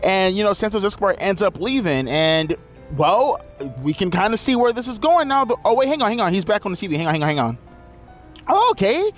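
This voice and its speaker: Male show reviewer, high pitched, loose and profane, with faint music under him. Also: brisk. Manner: animated, profane, rambling. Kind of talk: casual show recap.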